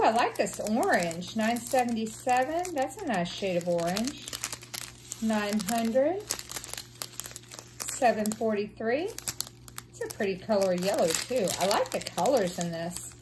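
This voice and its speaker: A woman, chatting casually and gushing excitedly while unboxing craft supplies and reading out numbers. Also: a little high, noisy background. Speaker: craft vlogger.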